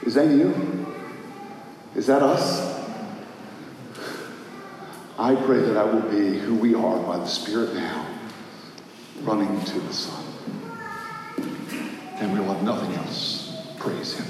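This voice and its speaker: A man preaching a sermon as pastor, swinging between impassioned shouting and hushed prayer. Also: fairly low pitch, slow pace, pauses often, recorded from a distance, background noise. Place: church sanctuary. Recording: echoey hall, faint ambience.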